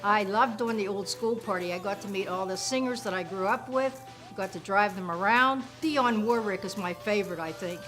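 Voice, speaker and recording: A woman's voice: medium pitch, normal speed. Chatty older woman, faint music. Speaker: personal security and driver. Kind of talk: casual promo interview.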